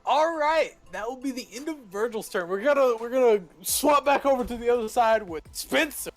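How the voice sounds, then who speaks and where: Man, game master, high voice, loose laughing narration, voice call, faint background music. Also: animated, fairly quick. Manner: laughs often, narrates actions in loose run-on sentences.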